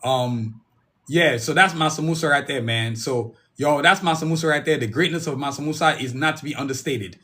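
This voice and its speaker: Male podcast host, bright and fairly high voice, loose rambling solo talk. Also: fairly quick. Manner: rambling, repeats himself, calls the audience "y'all".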